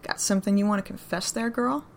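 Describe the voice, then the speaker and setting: A woman voicing a gruff, guarded man who talks in terse, drawling phrases. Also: mid-range voice, fairly even intonation, fast, slight background noise, natural voice. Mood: teasing. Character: gruff rough-edged man, guarded and blunt.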